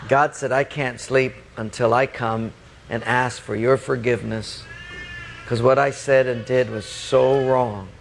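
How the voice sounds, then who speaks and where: A man's voice: a little high, lively intonation, slow, slight background noise. Man doing a sheepish young student, stammering, apologetic, roomy long reverb. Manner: hesitant and stammering. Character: sheepish young male college student, remorseful. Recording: long reverb, faint ambience.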